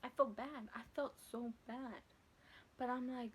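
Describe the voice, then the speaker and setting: Brief: young female vlogger, high-pitched, swearing, chatty and animated. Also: measured pace, slightly rough. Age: late teens to early 20s. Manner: profane, slangy, animated retelling. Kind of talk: casual storytelling to camera.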